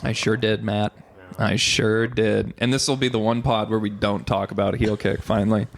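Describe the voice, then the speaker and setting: A man's voice: fairly low pitch, flat delivery, creaky, a little hiss or hum. A young man hosting a podcast, chatting casually and joking at his own expense. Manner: joking, self-mocking, quick asides. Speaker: podcast host. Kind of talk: casual comedic chat.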